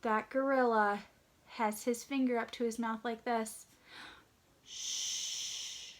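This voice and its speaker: A woman reading a picture book aloud to young children, asking them gentle questions and sometimes dropping to a hushed whisper. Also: on the high side, steady tone, moderate pace. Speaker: children's story reader.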